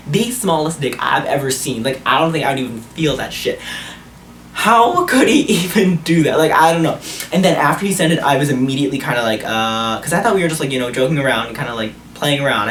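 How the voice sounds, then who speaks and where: A man's voice: mid-range voice, a bit bright, echoey room, distant mic, a little hiss or hum. A young man vlogging a storytime, casual and blunt, swearing freely, recorded on a camera mic. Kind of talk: storytime vlog.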